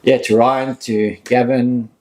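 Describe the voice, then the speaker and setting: A man giving a halting, emotional memorial tribute full of fillers and restarts. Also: medium pitch, level tone, a little mellow. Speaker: family member giving a recorded tribute.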